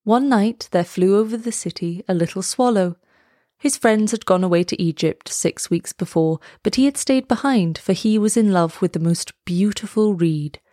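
A woman narrating a fairy tale aloud in a measured, expressive storytelling voice. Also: medium pitch, no echo, clean studio sound.

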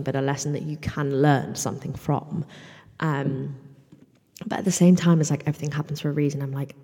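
A woman's voice: low voice, creaky, dark tone, long reverb tail. A woman in her mid-twenties hosting a solo podcast, chatty and rambling, full of "like" and casual swearing. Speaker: podcast host. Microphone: microphone, in front of a mirror.

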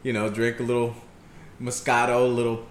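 A man's voice: medium pitch, completely flat delivery, a little fast. A young man co-hosting a podcast with friends in casual chat, joking, laughing often and tripping over his words. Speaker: podcast co-host. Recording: echoey room with faint noise.

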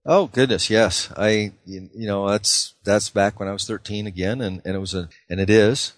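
A middle-aged man from Idaho with a very low, deep voice tells stories as an interview guest. He rambles, circles back and repeats words, filling pauses with "uh" and "you know.". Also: fairly even intonation. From Idaho, USA. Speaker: guest, car dealer. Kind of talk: casual interview storytelling.

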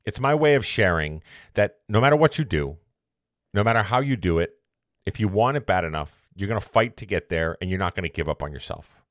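Low-voiced man telling a rambling story. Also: expressive, brisk, dry recording, clean studio sound. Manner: rambling, self-correcting, motivational. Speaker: podcast host. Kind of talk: casual storytelling monologue.

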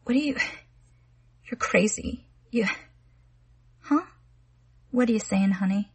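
A woman's voice: medium pitch, slow, a little mellow, breathy edge, voice pushed up, full character voice. A woman reading a frightened teenage girl who pleads in a tense, half-whispered voice.

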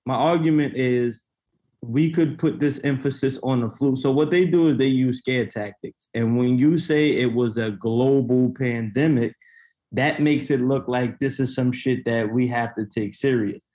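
Male podcast co-host, mellow dark tone, blunt and skeptical. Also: medium pitch, a little slow. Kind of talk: casual debate.

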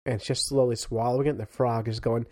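A man co-hosting a podcast, telling stories in casual chat, animated and laughing often. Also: medium pitch, fast, dry recording, studio quality. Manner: animated storyteller, laughs often, acts out sounds. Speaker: podcast co-host.

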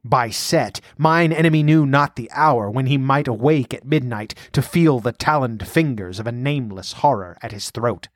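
A man voicing a proud, bitter male sorcerer held as a slave, speaking in a grave, measured way. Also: mid-range voice, no room sound, studio quality, natural voice. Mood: scheming.

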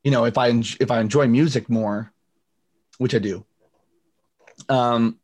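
A man's voice: medium pitch, steady tone, a little slow, darkish tone. Chatty young man telling stories. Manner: chatty storyteller, lots of fillers and acted-out quotes. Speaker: singer-songwriter guest. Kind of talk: casual interview chat. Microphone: video call.

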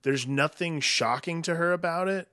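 A man's voice: on the high side, normal speed, sharp tone, dry recording, clean studio sound. A man co-hosting a casual film-discussion podcast, talking in loose, filler-heavy sentences. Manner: rambling, filler-heavy, restarts thoughts.

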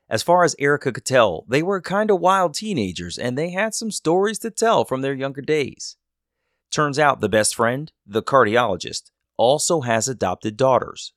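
A man's voice: mid-range voice, fairly bright tone, dry recording, clean studio sound. A man hosting a podcast, narrating the story and reacting with short interjections. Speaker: host.

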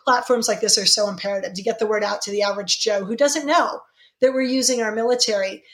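A middle-aged woman answering interview questions with fervent indignation, her pitch jumping sharply when she presses a point. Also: quick pace. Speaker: guest.

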